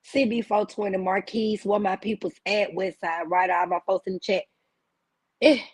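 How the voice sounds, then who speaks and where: Woman on a livestream going off, blunt and cussing, dry close sound, raspy. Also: mid-range voice, fairly even intonation, normal speed, no echo. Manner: blunt and profane, preachy. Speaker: livestream host. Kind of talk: heated livestream rant.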